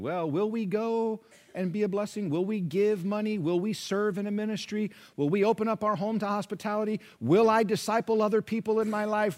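High-pitched and dynamic, a male pastor preaches conversationally, shifting between loud, emphatic statements and hushed asides as he acts out his listeners' replies.

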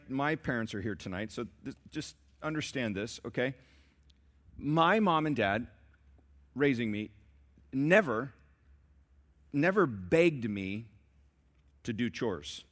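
A middle-aged man preaching a sermon in church, emphatic and repetitive, building to shouts. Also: medium pitch. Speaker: pastor. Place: church sanctuary, live service.

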